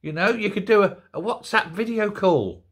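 An older man hosting an opinion commentary show, ranting in an animated, incredulous way. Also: high voice, moderate pace, husky. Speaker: host.

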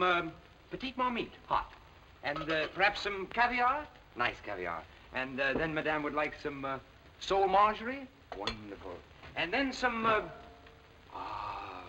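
An actor playing a charming young prince in a 1930s film, playful and lively, tender in the quiet scenes. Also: male voice, on the high side, muffled recording. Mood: mock waiter. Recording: noisy old film soundtrack.

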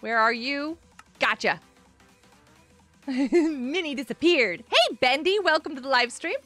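A woman hosting a casual gaming live stream, chatting with viewers in a bubbly, animated way with gasps and laughs. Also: high-pitched, unhurried, dry recording, faint music behind. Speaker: livestream host.

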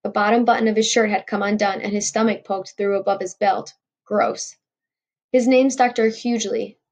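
A woman's voice: mid-range voice, level tone, a little fast. A woman reading a novel aloud in a wry first-person storytelling voice. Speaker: audiobook reader.

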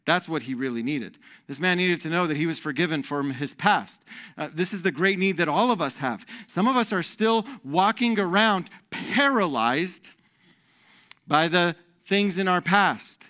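Male pastor, lively conversational sermon, somewhat high, bright forceful tone. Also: moderate pace. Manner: animated, conversational preaching with stammered repeats.

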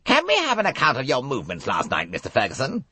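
A man voicing a cool, brisk older British officer who questions coldly. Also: mid-range voice, wildly swooping pitch, pushed and bright, slightly rough, no echo, voice pushed up, full character voice. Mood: questioning.

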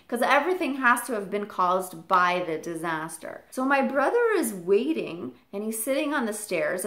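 Bright-voiced woman telling a story. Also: mid-range voice. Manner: animated, speaks straight to the viewer. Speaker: parrot channel vlogger. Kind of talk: storytelling to camera. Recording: echoey room.

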